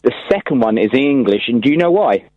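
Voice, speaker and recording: A man calling in to a radio show, setting up jokes in a deadpan way. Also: mid-range voice, quick pace, no echo. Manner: deadpan, leading joke set-ups. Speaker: caller. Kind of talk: radio phone-in call. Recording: tinny phone line.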